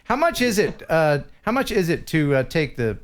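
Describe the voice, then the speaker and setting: A man's voice: a little high, very animated, moderate pace. A man from the United States hosting a casual live stream, joking and reading viewers' chat messages aloud. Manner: jokey, teasing, reads chat messages aloud. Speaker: host.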